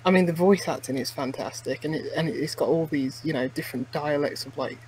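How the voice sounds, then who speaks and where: Male podcast co-host, raised-pitch voice, loose rambling game chat with lots of fillers. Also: a little fast, darkish tone, slightly rough, poor audio. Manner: rambling, many restarts and "like" fillers. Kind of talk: casual chat reviewing a game.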